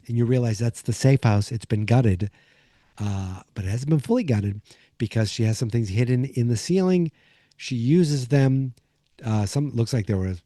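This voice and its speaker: A man's voice: medium pitch, warm tone, no room sound, clean studio sound. A man hosting a podcast, recapping an episode in a loose, casual way, full of fillers and restarts. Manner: rambling, many fillers and restarts. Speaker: podcast host.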